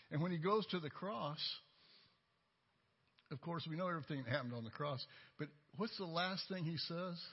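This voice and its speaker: A man's voice: a little high, highs cut off. A man giving a sermon with personal testimony, telling stories in a folksy, conversational way. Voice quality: husky. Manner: folksy, storytelling, conversational preaching. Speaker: lay preacher.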